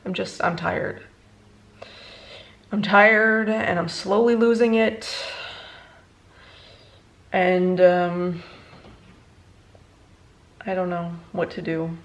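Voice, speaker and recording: A young woman, a beauty vlogger, chatting casually through a makeup tutorial, rambling and halting, emotionally worn out. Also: lowish voice, steady tone, gravelly. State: emotionally exhausted.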